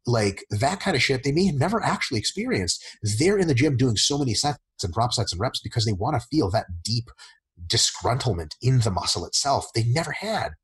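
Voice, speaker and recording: A man with a very husky, raspy voice talks through coaching in a casual podcast Q&A. His pitch swings widely and he swears freely while acting out his clients in quick voices. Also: very animated, poor audio. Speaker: fitness coach answering listener questions.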